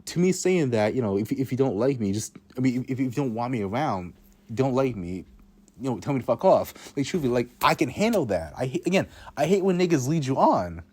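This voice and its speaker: A teenage boy rambles through a story about his own life, swearing freely and mocking himself as he goes. His pitch swings widely up and down, and his voice has a husky edge. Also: very animated, brisk, darkish tone, no room sound. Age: teens. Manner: rambling, self-mocking, swears a lot, many restarts. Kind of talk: casual storytime monologue.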